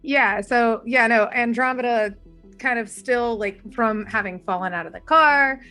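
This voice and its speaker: High-voiced, chatty female player. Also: unhurried, sharp tone, faint music behind. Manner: chatty, rambling, playful. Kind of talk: casual chat during a tabletop game.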